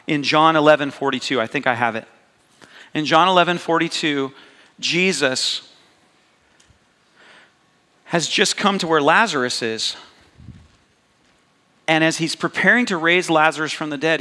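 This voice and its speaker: A man preaching a sermon as pastor, slow and intimate, repeating words for emphasis. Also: a little high, sharp tone. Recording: long hall reverb.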